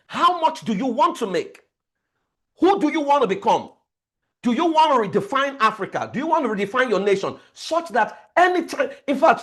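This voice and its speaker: High-voiced man, emphatic coach. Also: a bit bright. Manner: emphatic, repeats key words, storytelling. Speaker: family life coach. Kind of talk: motivational training lecture.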